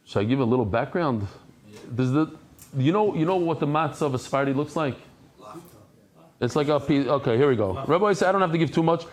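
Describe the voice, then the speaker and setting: Animated man teaching a Talmud class. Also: a little high, brisk. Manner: animated storyteller who acts out anecdotes; conversational, addresses the class directly. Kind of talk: Talmud lecture.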